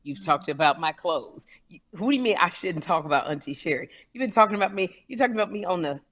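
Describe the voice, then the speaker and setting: A woman co-hosts a loose comedy chat in a slightly low voice. She teases her guests and stretches words out in playful, exaggerated ways. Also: lively intonation, quick pace, a bit bright. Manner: playful teasing, exaggerated pronunciations. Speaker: co-host.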